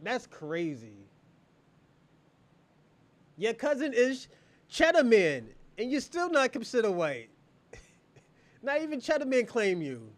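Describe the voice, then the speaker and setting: A man's voice: extremely high pitch, huge pitch swings, takes it slowly, pauses often. A man hosting a casual livestream, mocking and taunting his viewers with heavy profanity and frequent laughter. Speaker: livestream host.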